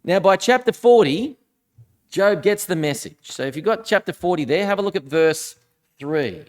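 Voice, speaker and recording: A man's voice: sits high, animated, normal speed. A male minister preaching a sermon in a conversational way, reading scripture aloud with dramatic emphasis.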